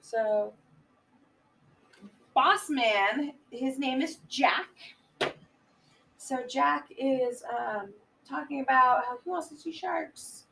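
A woman casually retelling a film plot on a podcast, laughing often and jumping into loud voices for the characters. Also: high-pitched, takes it slowly, pauses often, recorded from a distance, a little hiss or hum, rough recording. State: giggly, a bit high. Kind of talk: casual chat.

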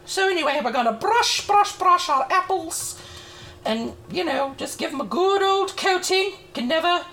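A cheerful, motherly Mrs. Claus, played by a woman, hosts a baking segment from the North Pole. She chats and rambles with cheeky asides, her high voice bouncing up and down in lively swoops. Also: normal speed, exaggerated voice. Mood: chatty. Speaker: show host in character. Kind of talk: in-character cooking segment.

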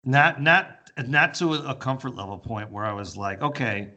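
A man's voice: mid-range voice, expressive, moderate pace, sharp tone, dull audio. Candid, reflective man in casual chat. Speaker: podcast co-host.

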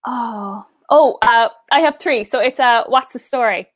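A young Irish woman chatting as an interview guest, quick and upbeat, fillers sprinkled throughout. Her voice sits a little high and the sound is dry and close. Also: dry recording. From Ireland. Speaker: interview guest, pageant finalist. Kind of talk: casual interview chat.

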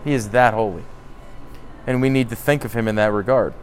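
A man's voice: fairly low pitch, fairly quick, a little hiss or hum. A man giving an informal Bible teaching, earnest and thinking aloud, often restarting his sentences.

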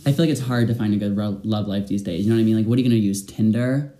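A man's voice: fairly low pitch, rapid-fire, mellow. A man hosting a casual vlog chat, teasing and crude in a playful way. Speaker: vlogger host.

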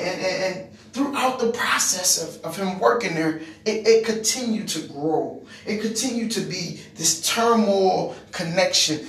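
A man with a high-pitched, somewhat bright voice gives a personal testimony, recorded from a distance in a reverberant space. He repeats words and restarts sentences as his story builds to emphatic moments.

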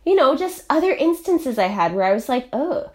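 A woman's voice: high voice, big pitch swings, moderate pace, a little mellow. A young adult woman talking casually about her own life, chatty and full of fillers, often checking in with "right?". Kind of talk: casual personal monologue.

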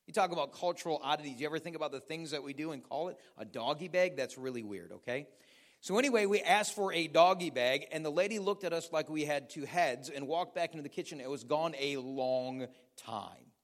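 An American man, a pastor, preaching a sermon with animated storytelling and questions for the audience. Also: on the high side, brisk. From United States.

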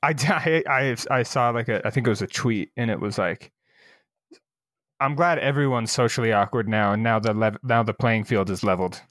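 A man's voice: medium pitch, moderate pace, a bit bright, no echo, clean studio sound. A young man co-hosting a comedy podcast, teasing his partner and swearing casually.

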